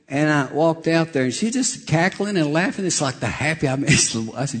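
A man preaching a sermon, reading scripture slowly and telling animated stories, chuckling as he goes. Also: on the high side, breathy edge, big-room sound. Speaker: pastor.

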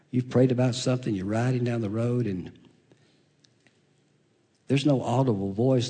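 A man preaching a sermon, soft-spoken, reading scripture in old-fashioned wording and sinking to a whisper for God's voice. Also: on the low side, slightly rough. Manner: reads scripture in King James wording.

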